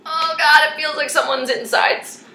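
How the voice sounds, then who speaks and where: A woman's voice: high voice, steady tone, pushed and bright, roomy sound, rough recording. A young American woman joking sarcastically with friends while cooking in a home kitchen. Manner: sarcastic, playful, quick to joke. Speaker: home cook among friends.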